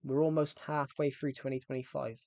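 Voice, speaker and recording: A man's voice: medium pitch, little pitch movement, a little fast, creaky, dark tone, no echo. A young man, chatting casually with his viewers during a livestream and often repeating himself. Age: 20s. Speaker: game streamer.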